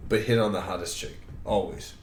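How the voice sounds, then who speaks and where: A man co-hosting a casual podcast chat, rambling and swearing freely with bursts of excitement. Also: low-pitched, fairly quick, slight background noise. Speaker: podcast co-host. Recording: roomy echo.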